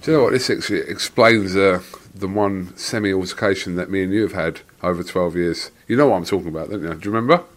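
A man with a lowish voice hosts a relaxed podcast conversation. He tells anecdotes in a lively way, full of banter and casual swearing. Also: fast talker. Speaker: podcast host. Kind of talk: casual chat.

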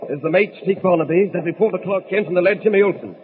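An actor playing the gruff, scheming ringleader of a ship mutiny, who talks rough and ungrammatical, in 1940s radio acting. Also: male voice, high voice, fast, lightly acted. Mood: threatening. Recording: muffled old radio recording with loud hiss.

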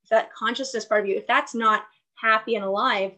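A woman with a fairly high voice talks as a wellness coach in a conversation. She explains her ideas earnestly and gets animated as she makes her points. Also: fairly quick, rough recording. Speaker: guest, fitness and wellness coach. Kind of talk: casual conversational interview.

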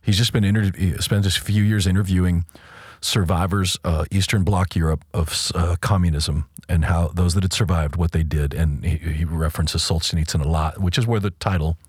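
A man's voice: deep voice, fairly even intonation, a little fast, husky, dry recording, clean studio sound. A man co-hosting a podcast, talking through faith and culture in an emphatic, casual way and often restarting his sentences. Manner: emphatic, repeats words while thinking. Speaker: podcast co-host.

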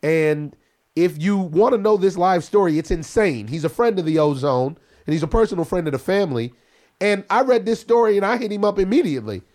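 A man's voice: high-pitched, expressive, a little fast, a little mellow. A man hosting a casual talk show, hyped and joking in slangy banter with a caller. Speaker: host.

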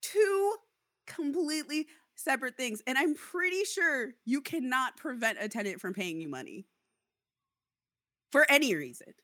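Woman, casual chat, indignant storytelling, bright voice, dry recording. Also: sits high, unhurried, no echo. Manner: indignant, animated storytelling with mock quotes. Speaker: tenant telling a story. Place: Seattle area.

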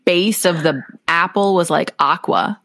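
A woman co-hosting a casual podcast chat, telling stories in an animated, chatty way. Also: on the low side, a little slow, no room sound, studio quality. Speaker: podcast co-host. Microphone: earbuds.

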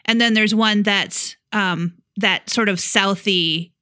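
A woman's voice: medium pitch, takes it slowly, sharp tone, smooth. A woman co-hosting a podcast, chatting in a thoughtful, easy way. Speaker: podcast co-host. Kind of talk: casual chat.

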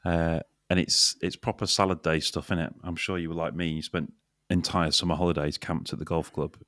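A man from Lincolnshire with a very deep voice hosts a golf podcast, and the room sounds dry and close. He chats in a jokey, teasing way and throws in quick asides. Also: level tone, fairly bright tone, dry recording. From Lincolnshire, England. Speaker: podcast host. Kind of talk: casual podcast chat.

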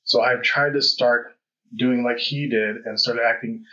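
Guy hosting a podcast, bright forceful voice, kinda rambly and candid, dull lo-fi sound. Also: mid-range voice, steady tone, unhurried. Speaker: podcast host. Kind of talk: conversational interview. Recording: dull lo-fi audio.

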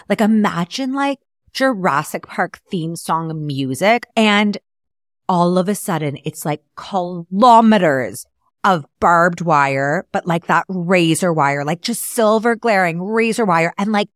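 A woman's voice: lowish voice, expressive, unhurried, dry recording, clean studio sound. A young adult woman and math teacher hosting a podcast, retelling a story in a chatty way with lots of "like". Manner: chatty, filler-heavy retelling with "like". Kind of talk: casual storytelling.

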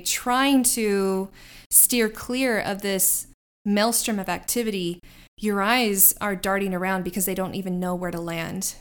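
A woman's voice: medium pitch, clear, resonant tone. A woman narrating a tabletop game as game master, descriptive and rambling with restarts.

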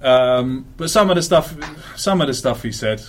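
A man's voice: mid-range voice, lively intonation, normal speed, a little hiss or hum. A man hosting a casual football podcast, chatty, with many fillers and the odd swear word. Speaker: podcast host.

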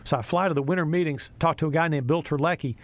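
A middle-aged American man, a sports broadcaster, spins a lively story in an interview. His voice sits a touch high, and he slips into the voices of the people he quotes. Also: fast, dry recording. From USA. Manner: animated storyteller, acts out quotes.

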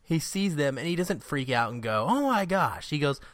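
He's a film podcast co-host with a medium-pitched voice, recorded dry at studio quality. His talk is loose and lively, broken up by frequent laughter and snappy impressions of the characters.

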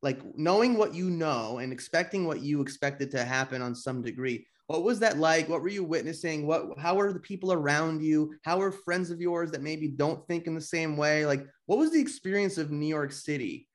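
A man hosting a podcast, asking questions in a relaxed, loose way with casual swearing. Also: a little high, normal speed, hardly any pauses. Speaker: podcast host.

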